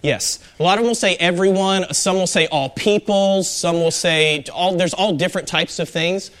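Leading a small Bible study group, a high-pitched man speaks at a moderate pace in a fairly bright tone. His manner is conversational, full of fillers, and he keeps asking the group questions.

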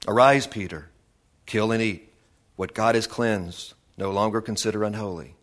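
A man voicing God's voice from heaven, intoning slowly and solemnly in a repeated refrain. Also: medium pitch, natural voice. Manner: slow, drawn-out, repeated intoning. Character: voice of God from heaven, solemn and commanding.

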